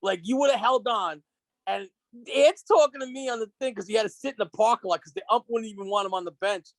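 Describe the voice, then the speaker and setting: A man's voice: sits high, quick pace, no room sound. Profane storytelling man, dry sound. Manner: storytelling, profane, laughing often. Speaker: podcast co-host. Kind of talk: casual chat.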